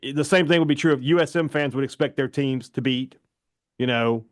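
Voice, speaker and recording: A man co-hosting a sports talk radio show, telling stories and giving takes in an animated, fast-bursting way. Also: mid-range voice, dry recording. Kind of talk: casual sports talk chat.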